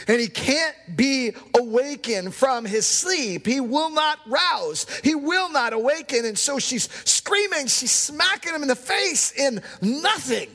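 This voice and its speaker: A man preaching a sermon as pastor, telling stories with dramatic pauses. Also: extremely high pitch, a bit bright. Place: church sanctuary. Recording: long hall reverb.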